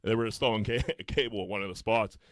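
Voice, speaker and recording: Fast-talking podcast dude, bright voice, swings all over the place, dry room. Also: male voice, lowish voice, no room sound. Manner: animated, swearing, acts out his own lines loudly. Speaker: podcast co-host. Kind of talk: casual chat, storytelling.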